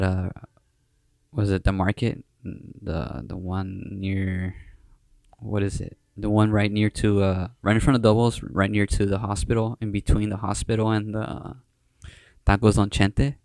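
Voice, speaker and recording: A man's voice: lowish voice, level tone, unhurried, gravelly, darkish tone, dry recording. A young man from Southern California hosting a podcast, chatting casually and rambling with lots of slang, fillers and restarts. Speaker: podcast host. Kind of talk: casual chat.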